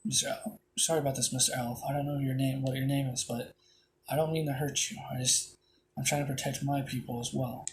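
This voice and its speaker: A man's voice: mid-range voice, steady tone, fairly quick, background noise, natural voice. A man voicing a polite, earnest young male hero while retelling a fan story in his own plain voice. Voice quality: plain retelling voice, hardly acted.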